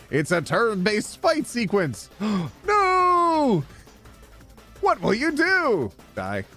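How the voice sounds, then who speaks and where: A young man streaming a dating sim, reading the game's text aloud with playful commentary, animated and quick to yelp. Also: fairly high pitch, vocal fry. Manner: animated, jumping from flat reading to excited yelps.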